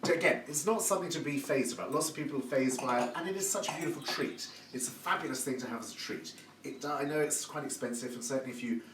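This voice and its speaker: Cooking live in his home kitchen, a man chats effusively and fills the demo with praise. His mid-range voice is a bit bright, and the recording is echoey and distant, with background noise.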